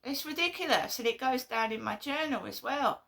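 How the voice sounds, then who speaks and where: A woman's voice: high voice, animated, brisk, gravelly, bright, forceful tone. A woman vlogging in an indignant, rambling way with many fillers. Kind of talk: casual vlog monologue.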